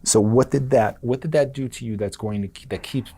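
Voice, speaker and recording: A mellow podcast host asking questions. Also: male voice, mid-range voice, husky. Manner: attentive listener, quick affirmations and laughs. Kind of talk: casual podcast interview.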